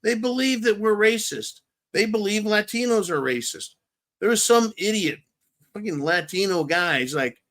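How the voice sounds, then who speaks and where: A man with a slightly higher-pitched voice hosts his own show, giving political commentary in answer to viewer questions. He talks in a blunt, rambling way and swears freely. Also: expressive, moderate pace, fairly bright tone. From California, USA. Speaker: host.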